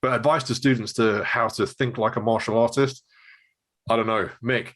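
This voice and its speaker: A man's voice: medium pitch, fairly even intonation, normal speed, a bit bright. A man who runs a martial arts gym, thinking aloud in a hesitant way during a casual chat.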